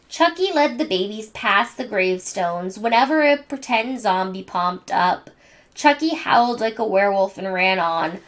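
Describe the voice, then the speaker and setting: A woman reading a bedtime story aloud to children in a gentle manner. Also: medium pitch, expressive. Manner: gentle, slow reading to kids. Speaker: storybook reader.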